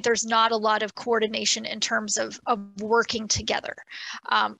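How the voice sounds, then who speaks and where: Earnest woman on a video call, gravelly voice. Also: on the high side, bright, forceful tone, rough recording. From Nova Scotia, Canada. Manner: earnest, with many "um" fillers. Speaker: awardee and panelist from a rural transit group. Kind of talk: virtual panel answer.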